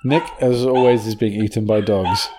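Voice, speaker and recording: A man's voice: fairly low pitch, fairly even intonation, moderate pace, background noise. A man hosting a podcast in casual chat, jokey and rambling, laughing often. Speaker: podcast host.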